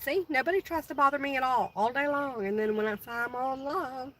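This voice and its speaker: A woman's voice: sits high, a little fast, a bit bright, a little hiss or hum, rough recording. A middle-aged woman hosting a casual livestream, chatting with viewers and answering their comments by name. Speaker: livestream host.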